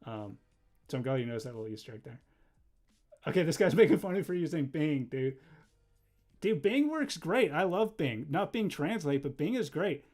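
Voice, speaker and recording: Young man, livestreamer, a bit high-pitched, rambling chat, easily distracted, quick laughs. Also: animated, a little mellow, faint music behind. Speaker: livestreamer and animator. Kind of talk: casual livestream chat while drawing.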